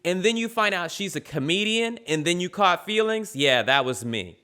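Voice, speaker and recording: Brash, bright-voiced male commentator. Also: high-pitched, expressive, moderate pace, smooth. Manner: brash, boastful, trash-talking. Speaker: YouTube commentator. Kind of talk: comedic commentary vlog.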